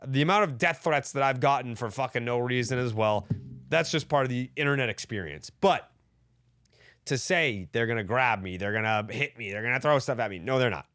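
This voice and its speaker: A man's voice: mid-range voice, brisk, fairly bright tone, no room sound. Podcast co-host, male, mid-range voice, fired-up and foul-mouthed, dry studio sound. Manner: heated, profane ranting. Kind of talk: casual sports talk.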